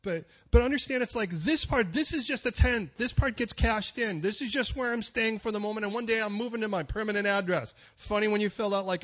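A man's voice: sits high, lo-fi sound. A middle-aged man preaching a sermon, telling stories and rising to emphatic peaks. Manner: storytelling, rising to emphatic near-shouting peaks. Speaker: pastor.

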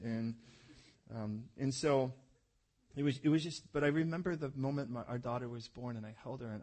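Husky-voiced pastor preaching a sermon. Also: male voice, mid-range voice. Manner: animated storytelling, acts out voices, drops soft for tender moments.

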